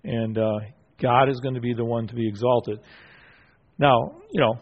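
A man's voice: mid-range voice, steady tone, muffled recording. A man teaching a Bible study group, asking questions and affirming answers, with many fillers and restarts. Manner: halting, with frequent fillers and restarts.

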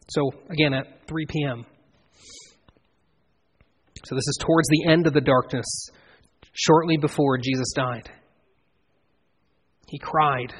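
A man preaching an expository sermon in an earnest way, building to emphatic swells and then dropping low. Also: fairly bright tone, breathy edge. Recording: long reverb of a large hall.

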